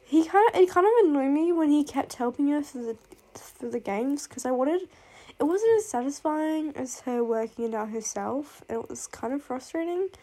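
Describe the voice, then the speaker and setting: A woman with a slightly high voice chats casually on camera about books she loves and hates. She rambles, gushes and swears freely, trailing off into laughs and sighs. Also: lively intonation, normal speed, mellow. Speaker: booktuber reviewing fictional love interests. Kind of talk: casual chat.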